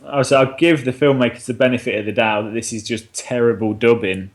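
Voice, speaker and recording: A man in loose, casual podcast chat. He swears freely, laughs often and slips into quoted dialogue as he retells scenes. His voice sits at a middle pitch. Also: steady tone, fairly quick. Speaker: podcast co-host. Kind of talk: casual film review chat.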